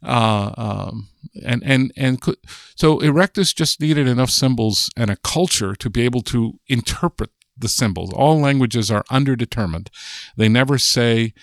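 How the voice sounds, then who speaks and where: A man's voice: mid-range voice, moderate pace, vocal fry, dry recording, studio quality. Older American man explaining patiently. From United States. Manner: thoughtful, chatty, many restarts and fillers. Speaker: linguist guest. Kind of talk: explaining in a podcast interview.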